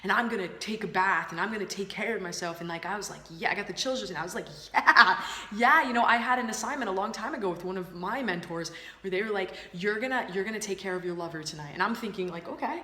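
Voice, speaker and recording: A woman's voice: medium pitch, fast talker, hardly any pauses, pushed and bright. A woman co-hosting a casual spiritual chat, bubbly and giggly, with many fillers. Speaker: spiritual coach co-host. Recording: roomy echoey room.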